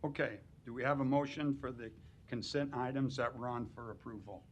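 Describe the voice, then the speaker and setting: A man chairing a public planning board meeting, briskly calling motions and reading out case numbers. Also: medium pitch, fairly even intonation, slight background noise. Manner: brisk procedural, reads case numbers aloud. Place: council chamber.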